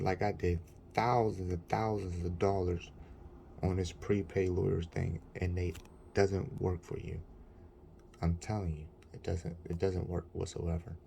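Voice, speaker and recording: A man's voice: low-pitched, steady tone, measured pace, creaky, warm tone, a little hiss or hum. A man telling an indignant, rambling story about a bad experience, in a casual vlog. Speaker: vlogger.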